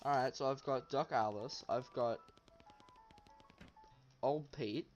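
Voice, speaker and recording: A man's voice: medium pitch, slow pace, a little mellow. A man hosting a let's play, playfully reading game text aloud and commenting as he goes. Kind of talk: gameplay commentary. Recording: dull lo-fi audio, faint music.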